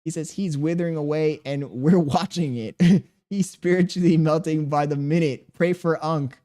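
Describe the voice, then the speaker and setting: A man's voice: a little high, normal speed, mellow. Joking male streamer reading chat. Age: 30s. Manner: joking, laughing, reads chat aloud, crude banter.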